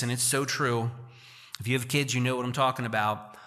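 A man, a pastor, preaching a sermon in a church, reading verses slowly and explaining them in casual asides. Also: medium pitch, fairly even intonation, pushed and bright.

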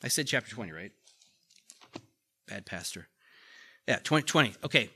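A man's voice: mid-range voice, expressive, very fast, sharp tone, breathy edge. A male pastor preaching a conversational sermon, reading scripture aloud with emphasis and putting questions to the congregation.

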